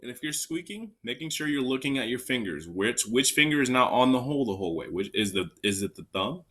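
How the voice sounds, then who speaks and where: A man's voice: medium pitch, animated, a little fast, pushed and bright, slight background noise. A man teaching an elementary recorder lesson, counting students in and calling out note names step by step. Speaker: music teacher.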